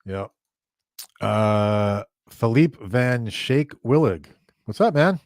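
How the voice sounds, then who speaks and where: A man co-hosting a casual show, reading viewer questions in a relaxed, halting way. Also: fairly low pitch, dry recording, clean studio sound. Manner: relaxed, halting, hedges a lot. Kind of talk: casual chat.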